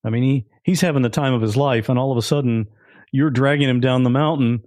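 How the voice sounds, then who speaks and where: A man's voice: medium pitch, quick pace, a little mellow, no echo. A man hosting a podcast, asking curious follow-up questions. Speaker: podcast host. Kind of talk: interview questions.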